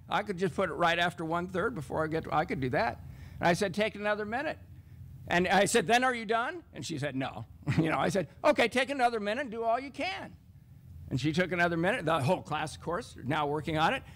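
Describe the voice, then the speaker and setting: A man speaking on a teaching panel, telling a classroom story and acting out the dialogue. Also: fairly quick. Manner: animated, acts out classroom dialogue with raised pitch. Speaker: math professor on a teaching panel.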